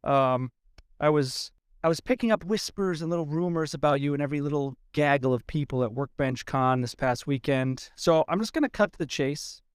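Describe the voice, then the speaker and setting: A man's voice: on the high side, brisk, smooth, dry recording, clean studio sound. A man co-hosting a podcast, teasing his guest in a mock-serious way. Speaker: podcast co-host. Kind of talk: casual podcast chat.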